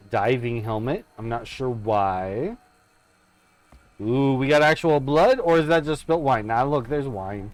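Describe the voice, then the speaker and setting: A man's voice: medium pitch, expressive, takes it slowly, long pauses, soft background music. A man streaming a horror game live, commenting as he explores and making playful, mock-dramatic asides to himself.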